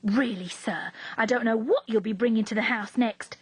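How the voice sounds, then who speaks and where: A woman's voice: a little high, normal speed, husky, dry recording. A woman reading aloud, voicing a stern, fussy old nursemaid who scolds firmly. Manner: firm, scolding.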